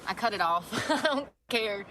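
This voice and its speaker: A woman's voice: medium pitch, animated, moderate pace, pushed and bright, a little hiss or hum. A woman vlogging casually from her car, chatty and blunt, swearing freely. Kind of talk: casual chat while driving.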